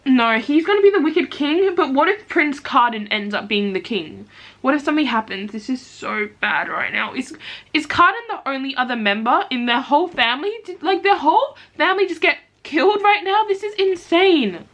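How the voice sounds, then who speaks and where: A young woman vlogging her reading, chatty and excitable, gasping and exclaiming as she reacts. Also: sits high, moderate pace. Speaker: book vlogger. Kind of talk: casual reading vlog reactions.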